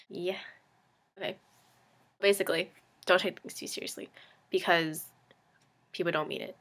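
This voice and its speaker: A woman's voice: fairly low pitch, fairly even intonation, moderate pace, pauses often, fairly bright tone. A young woman in her late teens talking casually to camera, rambling and self-deprecating, filling her speech with "like" and tossing in frank, sarcastic asides. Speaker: vlogger. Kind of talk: casual confessional monologue.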